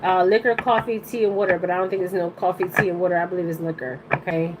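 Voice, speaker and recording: A woman's voice: fairly low pitch, flat delivery, fast, noisy background. A woman giving a live-streamed oracle card reading to her viewers. She rambles bluntly in casual slang and keeps checking in with "okay?".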